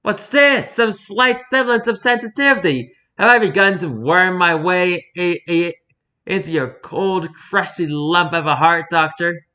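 A man's voice: high voice, measured pace, pushed and bright. A man voicing a mocking, talkative male circus performer who rambles theatrically, read from an interview. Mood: sarcastic. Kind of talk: reading an interview aloud in character.

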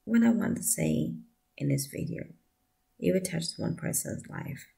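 A woman giving a heartfelt personal testimony, speaking softly and often dropping to a breathy near-whisper, with earnest appeals to the listener. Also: fairly low pitch, wildly swooping pitch, measured pace. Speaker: vlogger sharing a personal story.

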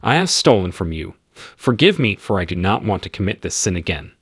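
A damned former church leader pleads with deep remorse, as a man reads him aloud. His low, husky voice moves a lot in pitch. It sounds dry and close. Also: big pitch swings, brisk, a bit bright, dry recording, exaggerated voice. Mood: remorseful.

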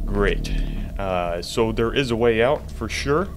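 A man's voice: fairly low pitch, lively intonation, extremely slow, pauses often, slight background noise. A man giving jumpy, profane commentary to himself while playing a horror game. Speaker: gamer.

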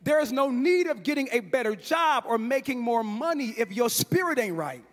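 A man preaching a sermon as pastor, in a sing-song style that climbs into shouts and repeats lines for emphasis. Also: extremely high pitch, animated, normal speed. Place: large church hall. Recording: long hall reverb.

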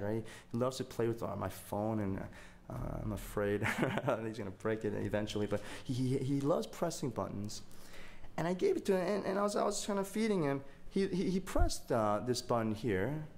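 A man's voice: medium pitch, a little mellow, a little hiss or hum. A young man preaching a sermon as a pastor, telling a story in a conversational way and repeating words as he gets going.

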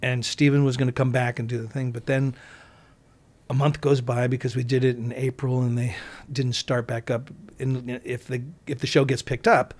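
A man's voice: mid-range voice, flat delivery, normal speed, darkish tone. Man rambling through an interview story. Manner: rambling with frequent restarts and asides. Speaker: actor guest.

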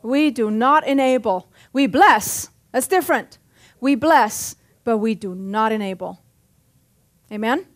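Her voice a little high and her pace slightly slow, a middle-aged woman pastor preaches a church sermon. She jokes, keeps it punchy, and often calls for an amen.

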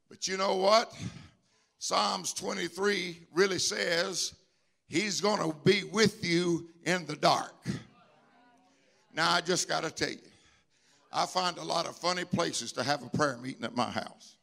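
A bishop preaching a live church sermon in a sanctuary. He speaks emphatically, repeats his lines and swells into shouts. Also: high voice, slow, gravelly. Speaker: bishop and pastor.

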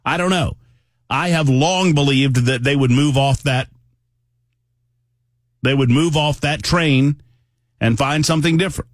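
A man's voice: on the high side, a little slow, long pauses, no echo, clean studio sound. A man hosting a political talk radio show, speaking in a conversational, emphatic monologue that often wanders off on tangents.

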